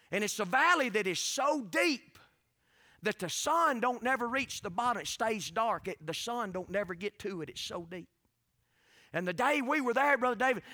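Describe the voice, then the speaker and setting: A man preaching a revival sermon, swinging from quiet storytelling to shouted preaching. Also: high-pitched, no room sound, clean studio sound.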